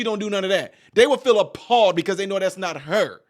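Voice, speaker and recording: A man's voice: sits high, fast talker, few pauses. A man hosting his own channel, giving casual, jokey political commentary full of asides. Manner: animated, digressive, jokey. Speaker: channel host.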